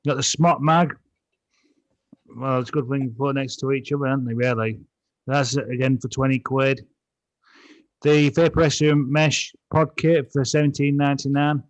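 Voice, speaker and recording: A man's voice: mid-range voice, fairly even intonation, normal speed, no echo. Man reading out deals, dry sound. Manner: list-reading, stumbles over product names. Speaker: podcast co-host.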